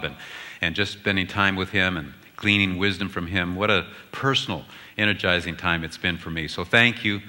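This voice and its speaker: Bright-voiced male preacher in a hall. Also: deep voice. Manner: humorous storytelling, voices both spouses. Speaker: guest speaker. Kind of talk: sermon. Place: large church sanctuary. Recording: hall reverb from the sanctuary.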